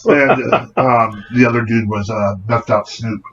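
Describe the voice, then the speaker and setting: Male podcast co-host, casual and profane, mid pitch, dull lo-fi audio with light hiss. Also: unhurried. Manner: profane, animated retelling with acted quotes. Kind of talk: casual storytelling.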